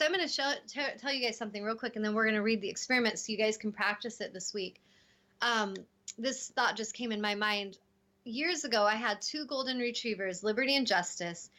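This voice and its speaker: A woman hosting a casual spiritual talk show, telling stories with lively acted-out quotes. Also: fairly high pitch. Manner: animated storytelling, acting out voices in quotes. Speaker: host.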